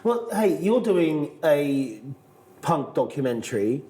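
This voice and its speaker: A man's voice: on the high side, big pitch swings, slow pace, dark tone. A man hosting a casual interview, asking questions and agreeing with short backchannels. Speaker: interviewer host. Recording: crowd noise behind.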